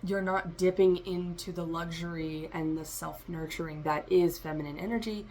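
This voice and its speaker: A woman's voice: lowish voice, steady tone, normal speed, darkish tone. A woman giving a rambling, free-associating tarot reading for a vlog, talking straight to her listeners. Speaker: tarot reader.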